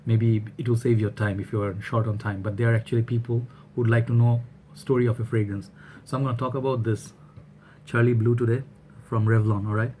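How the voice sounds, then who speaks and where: A man's voice: mid-range voice, flat delivery, brisk, warm tone, slight background noise. A man from Bangladesh, chatting loosely through a product review and often checking in with "all right?". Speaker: fragrance reviewer. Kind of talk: casual product review vlog.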